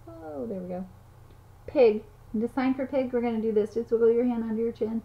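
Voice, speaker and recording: A children's teacher with a fairly high voice and moderate pace gives toddlers a playful lesson, counting aloud and making animal sounds in a sing-song way. The audio is slightly dull with faint noise.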